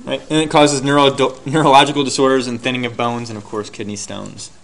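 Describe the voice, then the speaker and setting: A man teaching a class, lecturing and quizzing his students with rapid questions and answering them himself. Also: medium pitch, flat delivery, vocal fry, fairly bright tone.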